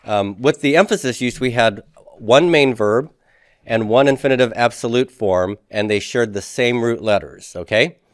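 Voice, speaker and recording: A man teaching a recorded grammar lecture, explaining step by step, spelling out Hebrew words slowly and often asking "okay?" to check in. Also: mid-range voice, dry recording, clean studio sound.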